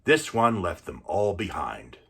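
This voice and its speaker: A man voicing an older grandfather who reads a storybook aloud in a soft voice, in a one-man film recital. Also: low voice, big pitch swings, measured pace, creaky, husky, full character voice.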